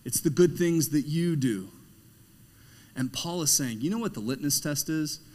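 With a voice a little on the high side and a normal speed, the pastor delivers a conversational, emphatic sermon. He moves between hushed and loud, animated passages, putting rhetorical questions to the congregation.

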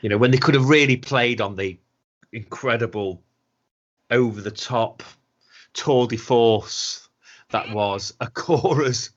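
A man's voice: medium pitch, slow pace, long pauses. A man co-hosting a podcast in a casual, mocking, sweary chat, often laughing. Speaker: podcast co-host. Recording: dull lo-fi sound.

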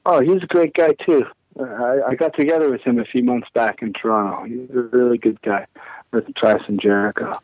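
A man's voice: medium pitch, steady tone, brisk, darkish tone, no room sound, highs cut off. A man who is an impressionist guest, chatting eagerly on a podcast. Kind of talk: casual podcast chat.

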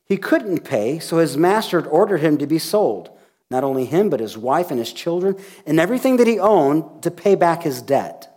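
A man's voice: on the high side, moderate pace. A male pastor preaching a sermon, retelling a scripture story with acted-out dialogue. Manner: animated storytelling, acting out dialogue.

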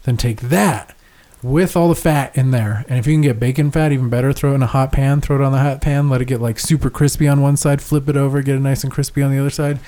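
A young man chats loosely on a podcast, rambling through a story with swearing and frequent laughter. His voice is mellow and relaxed, sitting in a middle pitch. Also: fast talker, hardly any pauses. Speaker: podcast co-host. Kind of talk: casual chat.

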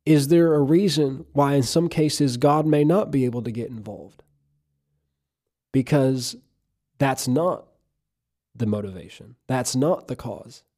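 Male preacher, sermon, mellow dark tone, earnest emphatic delivery. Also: medium pitch, a little slow, long pauses. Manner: earnest, emphatic preaching, reading scripture aloud.

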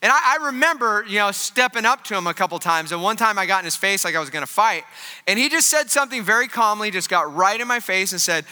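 A man's voice: high-pitched, expressive, fast, bright, forceful tone, clean tone, in a large hall. A man preaching a sermon in a casual, joking, conversational way, full of fillers. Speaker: pastor.

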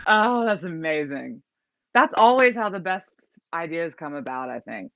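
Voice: mid-range voice, sing-song, unhurried, bright, forceful tone, no room sound. A singer-songwriter guest telling a story in a casual interview, rambling with many likes and restarts. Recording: dull lo-fi recording.

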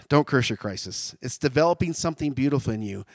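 A man preaching a sermon, animated, swinging from loud shouts down to quiet, intimate tones. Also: medium pitch, a little fast, dry recording.

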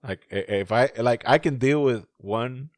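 A man co-hosting a podcast in casual chat, animated and profane, laughing often. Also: mid-range voice, a little slow, no room sound. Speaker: podcast co-host.

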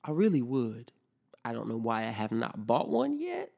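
Gravelly young man ranting casually. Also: medium pitch, moderate pace. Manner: animated, profane, acts out both sides of conversations. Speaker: podcast host. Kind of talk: casual storytelling rant.

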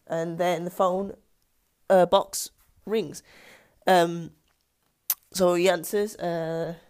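A woman with a low voice talks through a film's story in a loose, casual way. She stops often to say um and goes back to restart her sentences. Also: fairly even intonation, drawn-out words, darkish tone, clean tone. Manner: hesitant, many ums and restarts. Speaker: film discussion vlogger. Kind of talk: casual plot retelling.

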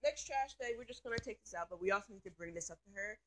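Woman venting about stuff, rambly, lots of "like", swears a bunch, bright tense voice. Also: mid-range voice, animated, fast talker. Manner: rambling, filler-heavy, swears freely. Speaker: vlogger. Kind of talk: casual storytime rant.

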